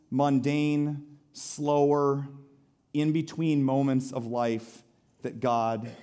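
Lively preaching man, fairly high voice. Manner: dynamic preaching, swinging between loud emphasis and soft slow phrases. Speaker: pastor. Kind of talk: sermon.

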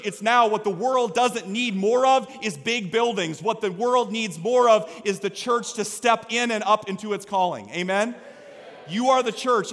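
Man, pastor, sermon, high voice, energetic, long church-hall reverb. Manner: energetic, swings from quiet to loud exhortation. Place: church sanctuary.

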